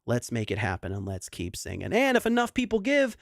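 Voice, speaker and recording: A man's voice: medium pitch, huge pitch swings, a little fast, vocal fry, few pauses, no room sound, clean studio sound. A young adult man, a singer hosting a livestream concert, chatting casually and rambling through a sentimental story with many restarts.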